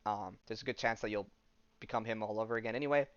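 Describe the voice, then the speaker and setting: A man's voice: on the low side, fast talker, clean tone, no echo, muffled recording. A male podcast host casually retelling a comic story, reading the dialogue aloud with lots of fillers and swearing.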